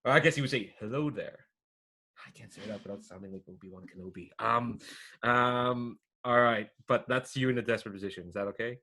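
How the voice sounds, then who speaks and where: A man's voice: mid-range voice, fast, sharp tone. A man running a tabletop role-playing game, narrating and chatting in a hesitant, casual way. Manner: hesitant, chatty, many fillers and laughs. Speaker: game master.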